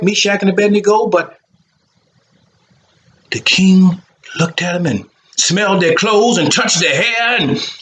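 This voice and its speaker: Brief: lively man storyteller, bright, forceful voice, roomy echo. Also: fairly high pitch. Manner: theatrical, rhythmic, lively. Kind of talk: animated Bible storytelling for children.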